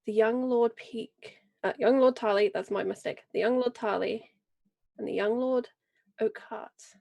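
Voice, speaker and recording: A woman's voice: on the high side, steady tone, gravelly. A woman playing a proud, vengeful noble lady. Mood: grave storytelling. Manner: grave, measured and forceful. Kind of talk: in-character role-play speech.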